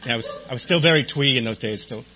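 A man's voice: medium pitch, fast talker. A middle-aged man telling a humorous personal story about his recovery, wry and self-mocking, with many "and, um" fillers. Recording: dull lo-fi recording with faint hum.

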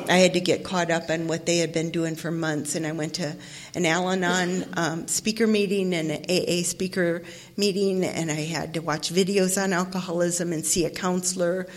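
A middle-aged woman from Ohio telling her own story as a recovery meeting speaker, animated and self-mocking, often laughing. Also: fairly low pitch. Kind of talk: personal testimony, storytelling.

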